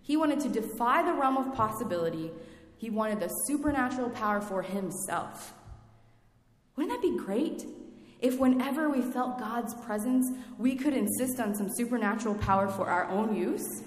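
A woman's voice: fairly high pitch, animated, moderate pace. A woman preaching a sermon in a reflective way, asking her listeners questions. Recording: echoey hall with long reverb.

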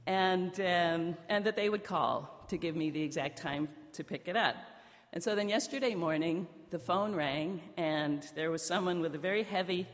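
A woman's voice: fairly low pitch, moderate pace. A woman pastor preaching a sermon, telling a personal story in a conversational way. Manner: conversational storytelling, lively in the punchlines. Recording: long hall reverb.

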